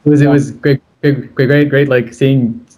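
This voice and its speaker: A man's voice: medium pitch, steady tone, normal speed, a little mellow, a little hiss or hum. A man, repeating words as he stutters on a casual video call. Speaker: co-guest.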